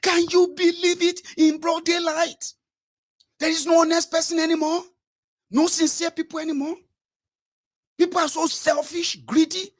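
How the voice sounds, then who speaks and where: An outraged middle-aged shopkeeper , put on by a man, rants in a piercing, very high voice with a Nigerian accent. His exasperated complaints come in loud, repeated bursts. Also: level tone, normal speed, pauses often. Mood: ranting. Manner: shrill, exasperated ranting, repeated outbursts. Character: angry middle-aged male shopkeeper ranting.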